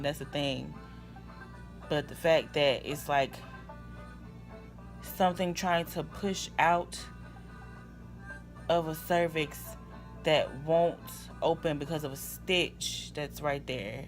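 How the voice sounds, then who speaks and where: Brief: tired young woman, gravelly fry, rambling vlog update, faint music underneath. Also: a bass voice. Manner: tired, rambling, with sighs and yawns. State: exhausted from no sleep. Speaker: vlogger.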